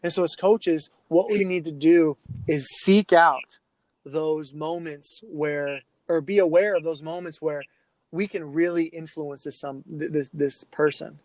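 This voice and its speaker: A man's voice: a little high, unhurried, dry recording, rough recording. A man who coaches youth sports, telling stories as a podcast guest and acting out the kids he quotes. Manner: animated anecdotes, acts out quoted kids. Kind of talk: storytelling in a casual interview.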